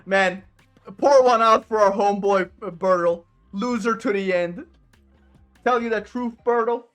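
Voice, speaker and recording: A woman's voice: mid-range voice, natural voice. A woman voicing a brash, bored male penguin boss who talks in a slangy, teasing street drawl.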